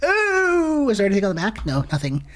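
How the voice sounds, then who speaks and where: A woman streaming a horror game, ranting and swearing with sudden shouts. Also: medium pitch, wildly swooping pitch, brisk. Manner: profane, exasperated rants with sudden shouts. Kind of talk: casual gameplay commentary.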